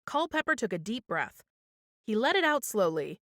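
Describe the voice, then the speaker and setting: Lively woman reading a kids' story. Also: fairly high pitch, normal speed, no echo, studio quality. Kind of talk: children's storytime read-aloud.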